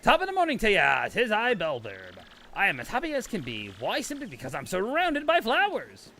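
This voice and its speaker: A man's voice: high voice, huge pitch swings, brisk, sharp tone, a little hiss or hum, pitched above the performer's own voice, exaggerated voice. A man voicing a cheerful, flower-loving little creature with a sing-song, merry delivery. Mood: cheery.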